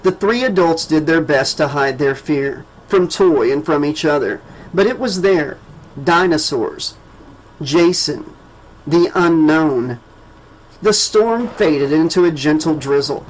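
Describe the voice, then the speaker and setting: Slow, dramatic male audiobook narrator. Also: on the high side, rough recording. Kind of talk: scripted narration.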